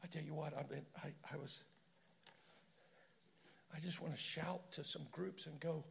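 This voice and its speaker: Gravelly, passionate male preacher. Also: fairly high pitch, steady tone, moderate pace, pauses often. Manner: passionate and conversational, swinging from loud to hushed. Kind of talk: sermon. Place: prayer room.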